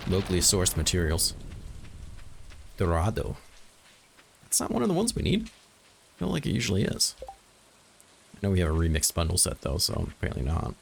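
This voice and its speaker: Playing a farming game, a gaming channel host thinks out loud and drops dry jokes at his own expense in a casual let's-play. His voice is deep and gravelly, with slight background noise behind it.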